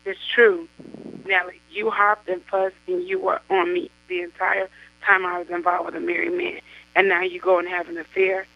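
A woman voicing an indignant adult woman who scolds her friend, reading aloud, her voice jumping high when she yells. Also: little pitch movement, normal speed, creaky, dry recording. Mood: scolding. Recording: dull lo-fi radio sound.

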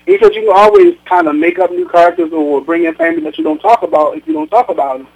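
A male author reading his own first-person novel aloud, often tripping over words and repeating himself. His voice sits a touch high. Everything comes through a thin, phone-like line. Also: sing-song, fast talker, vocal fry. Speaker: author and guest.

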